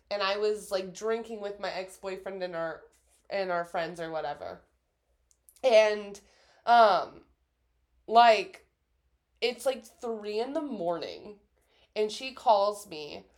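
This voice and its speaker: A woman in her twenties co-hosting a podcast, telling stories in casual chat and acting out quotes with laughter. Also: medium pitch. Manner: lively storyteller who acts out quotes with laughter. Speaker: podcast co-host.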